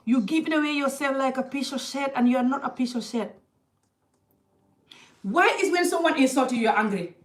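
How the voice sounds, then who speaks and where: A woman's voice: high voice, moderate pace, long pauses. A woman giving passionate life advice to camera. She talks emphatically, repeats phrases for stress and uses non-native English grammar. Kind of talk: impassioned monologue to camera. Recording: echoey room, voice a bit distant from the mic.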